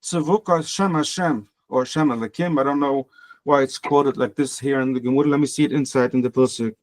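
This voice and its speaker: A man's voice: medium pitch, steady tone, brisk. A man teaching a Talmud lesson in casual style, translating the text phrase by phrase and explaining with examples. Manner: translates phrase by phrase, repeats words, explains with parables.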